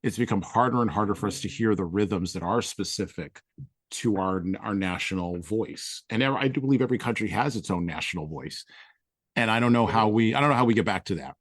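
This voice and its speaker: A man with a low voice co-hosts a podcast and shifts between reading from a book and thinking aloud. The sound is dry and close, and he circles back over his own phrases as he talks. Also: brisk, no echo. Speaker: podcast co-host. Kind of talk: reading aloud and casual commentary.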